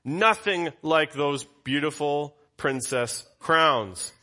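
A man's voice: a little high, animated, takes it slowly, pushed and bright. A male pastor giving an expository Bible teaching in a conversational way, putting questions to his congregation.

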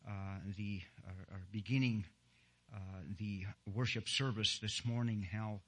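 A man preaching a sermon and leading prayer, halting and earnest, with many "uh" fillers and slow emphasis on key words. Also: fairly low pitch, fairly even intonation. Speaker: pastor.

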